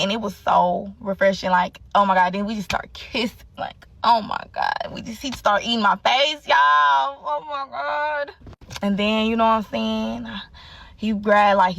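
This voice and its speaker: A woman's voice: medium pitch, creaky, a bit bright, recorded from a distance. A young woman telling a candid story in casual, profane chat, full of fillers and asides.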